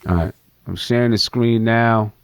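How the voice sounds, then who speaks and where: A man's voice: medium pitch, steady tone, normal speed, smooth, no room sound. A man hosting a live postgame basketball stream, chatting straight to his viewers. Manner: chatty, addresses viewers directly. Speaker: fan livestream host.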